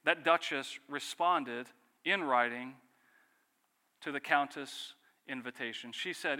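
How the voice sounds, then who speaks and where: Bright-voiced man preaching in a reverberant hall. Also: mid-range voice, slow pace. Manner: earnest preaching with rhetorical questions and dramatic drops in volume. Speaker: pastor. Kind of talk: sermon.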